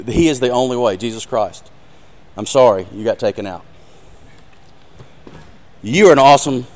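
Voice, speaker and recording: A man's voice: mid-range voice, slight background noise. A man giving an earnest sermon with a live demonstration, speaking directly to his audience and growing emotional. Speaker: ministry speaker.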